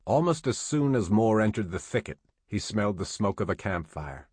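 A man narrating an audiobook in a steady, measured storytelling manner. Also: on the low side, husky, dry recording.

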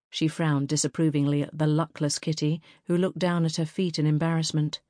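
This low-pitched female voice reads an audiobook with even, measured storytelling. The recording is dry and of studio quality.

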